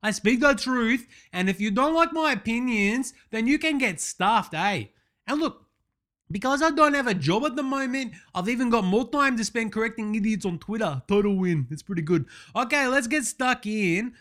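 A man's voice: very high voice, animated, moderate pace, fairly bright tone, voice pushed up. An Australian man putting on a brash male sportsman who rants in a blustering, self-satisfied way. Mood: smug ranting. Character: brash male sportsman ranting about online critics.

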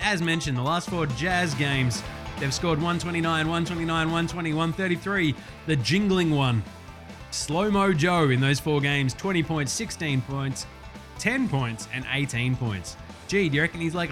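A young Australian man hosting a casual sports podcast, loose and profane, getting excited over stats. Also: fairly high pitch. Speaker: podcast host.

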